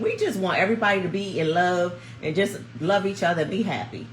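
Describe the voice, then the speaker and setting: A woman in her fifties, hosting a vlog from home and chatting to viewers in a chatty, animated storytelling way. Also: on the low side, fairly quick, hardly any pauses, slight background noise. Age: 50s. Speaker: vlog host. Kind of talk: casual chat to viewers. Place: at home, snowed in. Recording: roomy echo.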